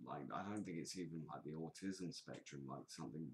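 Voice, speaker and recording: A man's voice: extremely low pitch, fairly quick, a little hiss or hum. A man co-hosting a podcast, chatting casually with rambling, filler-heavy sentences and a playfully boastful streak. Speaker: podcast co-host. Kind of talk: casual chat.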